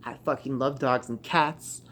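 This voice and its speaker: A young man reading a creepy internet horror story aloud, casual, with sweary excited asides and stumbling restarts. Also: mid-range voice, unhurried, a little hiss or hum. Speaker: story narrator.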